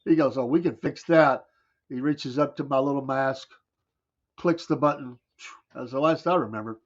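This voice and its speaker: A man with a Southern American accent hosting a casual morning show, telling stories in a folksy way and laughing often. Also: medium pitch. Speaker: radio show host. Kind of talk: casual morning show chat, reading chat comments. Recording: dull lo-fi stream audio.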